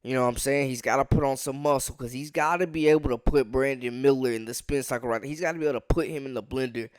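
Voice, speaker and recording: A man in the middle of his range delivers casual sports commentary straight to camera. He talks in an animated, conversational way and leans on filler phrases. The sound is dry and close, with no room around it. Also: mid-range voice, fast talker, no room sound.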